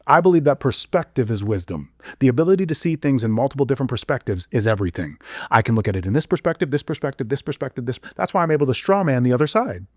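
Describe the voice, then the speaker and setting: A man of ordinary middle pitch holds forth in a preachy podcast monologue, piling up rhetorical questions. His voice drops to a low mutter at times and then jumps up to loud, excited exclamations. The sound is dry and close, with no room around it. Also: dry recording. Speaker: podcast guest. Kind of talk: intense conversational monologue.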